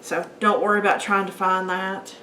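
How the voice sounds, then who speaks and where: A woman's voice: medium pitch, flat delivery, moderate pace, pushed and bright, a little hiss or hum. A woman hosting a home cooking video, chatting casually to her viewers as she works in her kitchen. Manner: chatty, talks to viewers as guys and folks. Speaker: home cooking channel host. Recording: echoey kitchen room. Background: clinking dishes and utensils.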